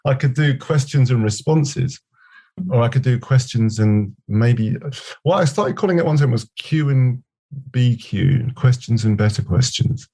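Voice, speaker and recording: A man's voice: medium pitch, animated, measured pace, dark tone. A middle-aged man, a guest on a podcast, speaking reflectively and telling anecdotes with quoted back-and-forth. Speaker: podcast guest, scrum master. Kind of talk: conversational interview.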